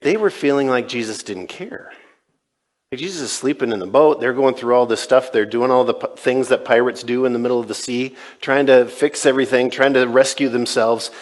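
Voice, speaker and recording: A man's voice: mid-range voice, fairly quick. Conversational male pastor preaching in a reverberant church. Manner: conversational, retelling scenes with quoted dialogue. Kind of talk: sermon. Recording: long reverb in a large church.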